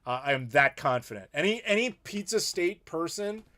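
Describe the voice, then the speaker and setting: A man's voice: a little high, animated, normal speed, pushed and bright. Opinionated American man hosting a live chat. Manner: opinionated, playful ranting with laughs. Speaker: YouTube host.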